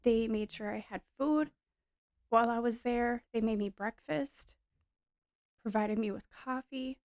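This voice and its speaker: A woman's voice: fairly high pitch, unhurried, darkish tone, no echo, clean studio sound. A woman in her thirties giving an earnest, emotional personal testimony in a casual storytelling way, with frequent fillers. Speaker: wife sharing a testimony.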